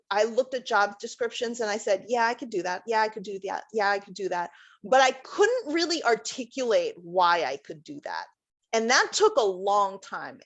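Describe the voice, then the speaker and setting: A woman with a somewhat high voice presents a career workshop as a center director. She explains things in a loose, conversational way and often pauses on "um" as she walks through each point. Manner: conversational, explanatory, frequent um fillers.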